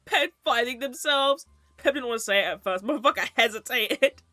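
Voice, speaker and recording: A woman's voice: on the high side, lively intonation, brisk, bright, forceful tone, no echo. A young woman streamer who chats casually and rambles, with easy swearing. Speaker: VTuber streamer.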